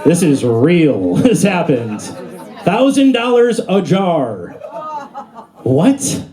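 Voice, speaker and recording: A young comedian with a slightly high, warm voice speaks in a sing-song way, stretching out his words, while some chatter sounds behind him. Performing stand-up for a live club audience, he rambles casually with many fillers, and the room noise is audible.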